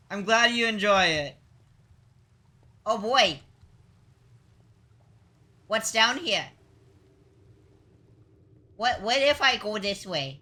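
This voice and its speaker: A woman's voice: fairly high pitch, big pitch swings, drawn-out words, pauses often, sharp tone. A young woman streaming a game, talking to herself and her chat in a playful, mock-dramatic way, with sudden exclamations. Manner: talks to herself and chat while playing. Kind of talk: live gameplay commentary.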